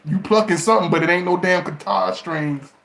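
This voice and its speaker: Brief: gravelly man, preachy and teasing vlog rant, somewhat high voice, roomy echo. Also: brisk. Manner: animated, preachy, mocking, laughs often. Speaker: relationship advice vlogger. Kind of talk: casual monologue to camera.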